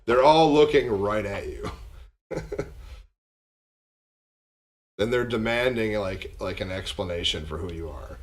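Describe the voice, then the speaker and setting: A man with a fairly low voice narrates a tabletop game as its game master. He stops and restarts often, filling the gaps with ums and uhs. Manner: halting, many fillers and restarts.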